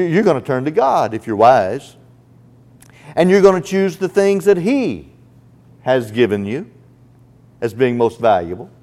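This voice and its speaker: A man's voice: a little high, a little mellow. A man preaching a sermon, earnest and emphatic, speaking straight to the listener as a friend.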